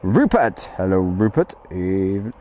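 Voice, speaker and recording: A man's voice: low-pitched, very animated, slow pace, warm tone, slight background noise. A man hosting a live stream outdoors from a campsite field, chatting in a jokey way and greeting viewers by name. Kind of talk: casual live-stream chat.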